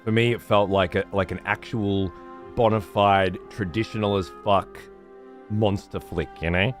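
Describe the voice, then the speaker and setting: A man with a lowish voice chats loosely while he plays, swearing freely as his thoughts wander. Faint music sits quietly behind him. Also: fairly even intonation, a little slow. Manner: rambling, heavily profane. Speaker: streamer. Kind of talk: casual chat while gaming.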